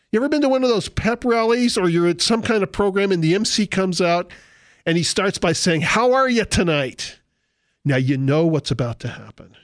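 A male pastor delivering a sermon with animated, humorous storytelling and impressions. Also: high voice, no echo, clean studio sound.

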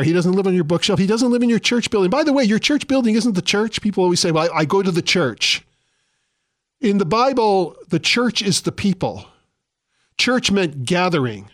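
A man's voice: a little high, dry recording, clean studio sound. A man in his sixties hosting a radio show, teaching in a chatty way with self-deprecating asides. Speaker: radio host.

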